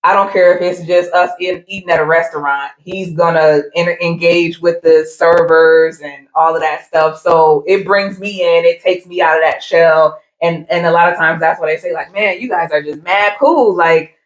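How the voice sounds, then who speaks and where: A calm, laid-back woman talking casually and reservedly about her marriage. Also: on the low side, normal speed, hardly any pauses. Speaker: wife, married guest. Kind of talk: casual conversation. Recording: echoey room.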